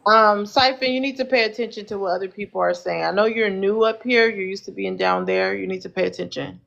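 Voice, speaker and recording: A woman's voice: medium pitch, vocal fry, a bit bright, muffled recording. A woman hosting a live panel on her phone, teasing guests and cutting in to steer the talk. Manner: teasing, bossy, quick to cut in. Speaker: TikTok live panel host. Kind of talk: casual live-stream chat.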